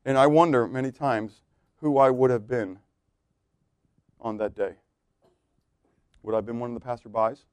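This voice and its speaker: A man preaching a sermon as pastor, swinging between loud exclamations and quiet asides. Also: medium pitch, steady tone, normal speed, pauses often, smooth, no echo.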